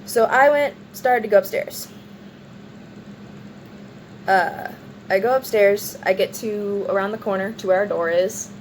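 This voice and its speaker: A woman's voice: medium pitch, a little slow, long pauses, a little hiss or hum, low-quality recording. Rambling young-sounding woman telling a story. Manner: rambling, animated retelling with many "like"s and acted-out quotes. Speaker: vlogger. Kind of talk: casual storytelling vlog.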